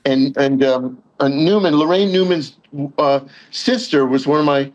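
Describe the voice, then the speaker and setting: A man's voice: a little high, a little slow, muffled recording. A man, a guest on a call-in talk show, talking in a hesitant, agreeable way with many fillers. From Long Island, New York. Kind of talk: casual chat. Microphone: phone call.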